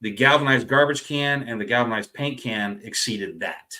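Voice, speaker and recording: A middle-aged man from Florida hosting a live Q&A, reading out viewer comments in a relaxed, profane, laugh-filled way. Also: medium pitch, moderate pace. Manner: relaxed, swears freely, laughs often. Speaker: host of a live Q&A stream.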